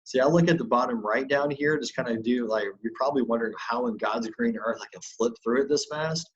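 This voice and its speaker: A man giving a chatty, loose screen-share software tutorial as an online business coach, with lots of fillers and restarts. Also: medium pitch, brisk, husky, dull audio.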